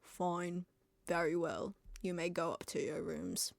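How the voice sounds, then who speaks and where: A woman's voice: on the low side, little pitch movement, slow pace, vocal fry, no room sound, voice pushed down. A woman putting on a stern, cold male professor. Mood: cold grudging.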